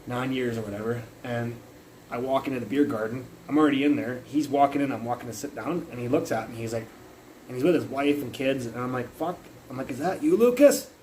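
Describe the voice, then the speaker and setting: A man's voice: mid-range voice, fairly even intonation, fairly quick, darkish tone, a little hiss or hum, rough recording. A young man livestreaming from his phone, telling a long rambling story full of curses, fillers and restarts. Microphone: phone mic.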